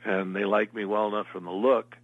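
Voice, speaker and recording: A man's voice: lowish voice, level tone, fairly quick, no echo, phone-quality sound. An older man, an actor, telling long meandering stories as an interview guest. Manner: meandering anecdotal storyteller. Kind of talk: casual interview storytelling.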